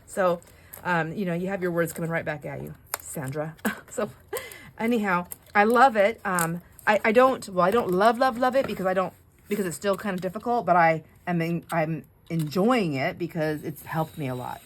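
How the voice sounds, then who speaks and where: A woman's voice: on the low side, normal speed, a little hiss or hum. A middle-aged woman hosting a craft video, chatting in a rambling, digressive way while she cuts board, often breaking off mid-sentence and laughing. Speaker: craft channel host.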